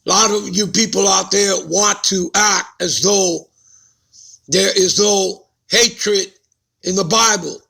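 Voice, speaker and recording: A man's voice: sits high, steady tone, slow pace, vocal fry, sharp tone, husky. A man preaching a Bible-study sermon who keeps putting rhetorical questions to his listeners and checking in with them.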